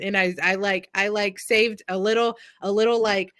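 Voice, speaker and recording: A woman with a Southern accent telling a long animated story on a video call, full of "like" and "I'm like". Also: medium pitch, normal speed, dry recording, studio quality. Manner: animated, many "like"s and "I'm like", acts out voices in quotes. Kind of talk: casual storytelling chat.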